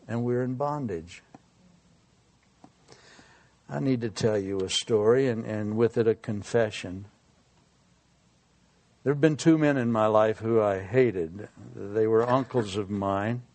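A man preaching a sermon in a folksy, humorous way, dropping quiet for serious points. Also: on the low side, slow, long pauses. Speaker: pastor.

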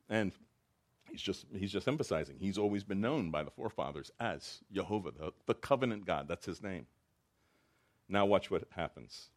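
A man's voice: fairly low pitch, expressive, a little fast. A man preaching a sermon in a conversational way, acting out quotes with rising emotion. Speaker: pastor.

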